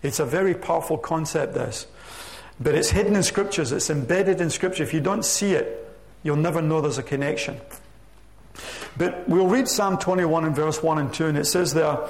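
A man preaching a sermon to his church, reading scripture aloud with slow, emphatic stress. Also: on the high side. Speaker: pastor. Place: church sanctuary.

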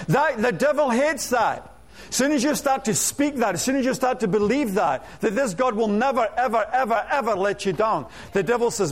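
A man preaching a lively sermon, full of rhetorical questions and humorous asides. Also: very high-pitched, fairly quick.

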